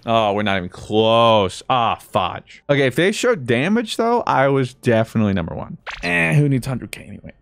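Lively American man gaming, loud whoops. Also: medium pitch, brisk, gravelly, hardly any pauses, no echo. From United States. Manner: playful, swings from mumbled asides to loud whoops. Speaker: gaming video creator. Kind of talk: casual gameplay commentary.

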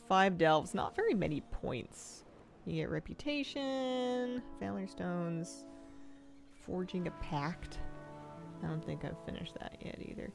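A woman streaming a game, chatting casually with chat in a rambling way and laughing often. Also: medium pitch. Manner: chatty, giggly, rambling asides.

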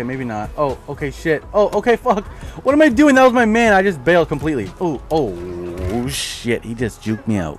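A young male gaming YouTuber gives live commentary on his own football video game in a medium-pitched voice. He's excitable and swears a lot, trash-talking opponents and yelling at big plays.

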